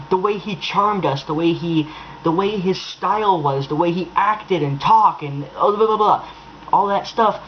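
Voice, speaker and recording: A man's voice: high voice, lo-fi sound, slight background noise. A young man ranting to camera in an exasperated, sarcastic tone, swearing freely. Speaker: vlogger. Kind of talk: angry rant to camera.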